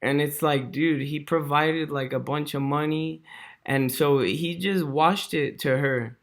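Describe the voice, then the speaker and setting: A man with a fairly high-pitched voice rants loosely to his camera. He rambles through ums and restarts, drops dude and bro constantly, swears freely and chuckles at his own points. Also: fairly even intonation, unhurried. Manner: slangy, swears a lot, heavy fillers, dude and bro. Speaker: vlogger. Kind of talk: casual ranting commentary.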